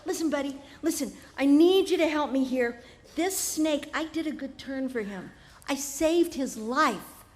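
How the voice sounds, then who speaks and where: An ordinary man, nervous and pleading, who tries to talk his way out of danger, as a woman storyteller plays him. The tone is high and lively, and a long reverb hangs on it. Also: a little slow. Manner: pleading, anxious. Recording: live festival tent with long reverb.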